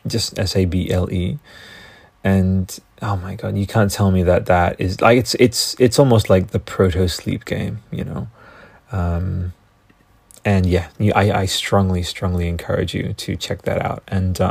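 Gravelly low-voiced Australian man. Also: no room sound. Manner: profane, excitable, goes off on tangents. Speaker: podcast host. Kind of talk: casual solo podcast rambling.

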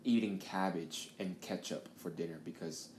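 In an echoey room with a bit of faint noise, a podcast host rambles through a story with heavy swearing. He has a deep, slightly mellow voice and talks at an ordinary speed.

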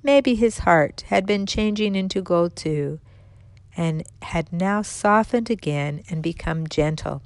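Female storyteller, lowish voice, gentle expressive read, dry close mic. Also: slow, no echo. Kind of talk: storybook narration.

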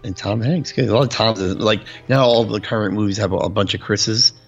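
A man with a low, gravelly, husky voice chats easily as a podcast co-host. His pitch swings in a lively way as he jokes, with faint music playing behind him. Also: a little fast, highs cut off. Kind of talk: casual chat.

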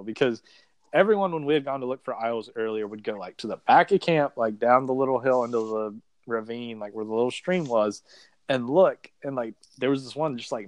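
A man's voice: mid-range voice, no echo. Man, former contestant, casual interview, rambling, says "like" a lot, dry close sound. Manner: rambling, fills speech with "like", acts out quoted dialogue.

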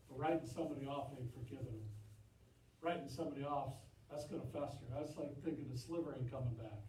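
A man preaching a sermon in a church, impassioned, swinging from loud emphatic peaks to low confiding asides. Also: reverberant, distant mic, a little hiss or hum, poor audio. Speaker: pastor. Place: church sanctuary.

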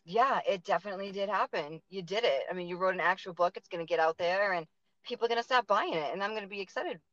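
A woman's voice: medium pitch, fast, a bit bright, no echo, lo-fi sound. Chatty Boston woman hosting a show. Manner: chatty, lots of fillers and likes. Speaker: podcast host. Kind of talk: casual interview chat.

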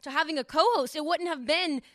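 A woman's voice: high-pitched, brisk, a bit bright, no room sound, studio quality. A woman guesting on her best friend's podcast, teasing and asking questions in casual chat. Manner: laughing, teasing, asks questions.

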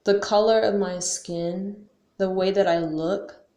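A woman's voice: medium pitch, steady tone, takes it slowly, mellow. A young woman talking casually to camera as a vlogger, slangy and full of questions, often saying "like" and cursing now and then. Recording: roomy echo.

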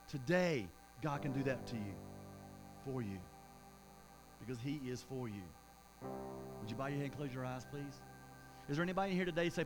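A man preaching a sermon as pastor in a church, rising loud in acted-out prayers and dropping soft for an altar call and prayer. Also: mid-range voice, brisk, long pauses, loud music behind the voice, rough recording. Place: church sanctuary.

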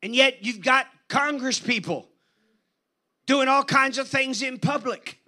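A man preaching a sermon in an animated, conversational storytelling manner. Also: extremely high pitch, unhurried. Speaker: guest preacher.

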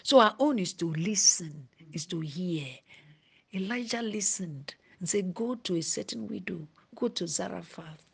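Woman preacher, husky voice, goes quiet and whispery then loud and pressing. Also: lowish voice, expressive, measured pace. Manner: drops to a hushed whisper at times, then rises emphatic. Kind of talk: sermon.

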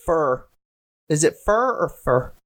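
A woman's voice: deep voice, big pitch swings, slow. A woman chatting casually and reading passages aloud, stumbling over words and stopping to question them.

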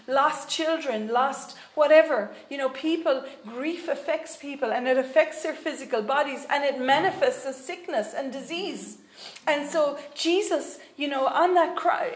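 High-voiced woman preaching in an echoey room. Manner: earnest, with many fillers and restarts. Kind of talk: sermon.

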